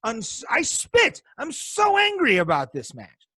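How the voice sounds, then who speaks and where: A man's voice: very high-pitched, wildly swooping pitch, unhurried, bright, forceful tone, husky, no room sound. A man co-hosting a podcast, delivering an angry, profanity-heavy rant over a video call. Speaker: podcast co-host. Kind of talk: casual podcast chat.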